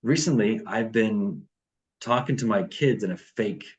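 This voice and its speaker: A man's voice: fairly low pitch, a little slow, muffled recording. A man leading a morning devotion over a video call, reading passages aloud and then talking them through with fillers and restarts.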